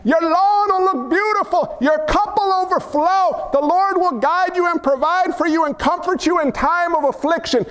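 A man preaching a sermon as pastor, animated and jokey, acting out quotes from his congregation and from God. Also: extremely high pitch, moderate pace, hardly any pauses. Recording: long hall reverb.

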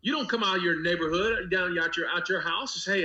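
Fairly quick and fervent, a male pastor speaks as an interview guest in a high, pushed, bright voice. Repetition and long, building lists give his talk a preacher's rhythmic cadence. The recording sounds muffled.

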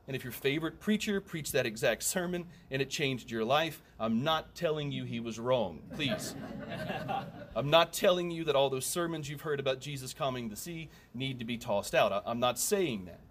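A man's voice: medium pitch, expressive, normal speed. A man preaching a sermon in a conversational way, with humorous asides and emphatic repetition.

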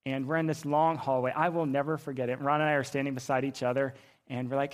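A pastor preaching a sermon, telling a personal story with rising emotion and loud, intense peaks. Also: male voice, medium pitch, steady tone, a little fast. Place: auditorium.

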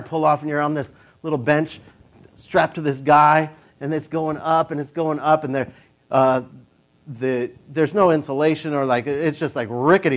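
Young adult male storyteller, casual and animated, slightly high voice, jumps into a panicky squeak for quoted thoughts. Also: moderate pace.

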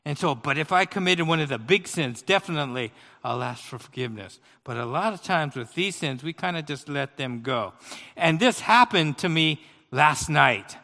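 A man preaching a sermon, telling a personal story with big swings between loud outbursts and quiet asides. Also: high voice, normal speed, big-room sound.

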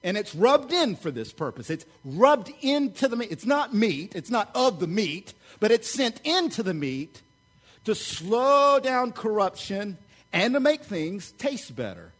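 High-voiced, fired-up preacher man. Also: a little slow. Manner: energetic, conversational preaching with crowd check-ins. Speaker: pastor. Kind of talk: sermon.

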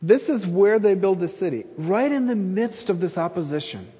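A man's voice: high voice, animated, normal speed, dark tone, in a large hall, muffled recording. A man preaching a sermon in an earnest voice, pressing hard on his key phrases. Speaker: pastor.

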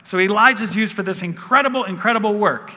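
A man in his thirties preaches in a big church hall, where long reverb trails his words. His voice sits high and comes out fast, bright, and forceful as he tells humorous, animated stories.

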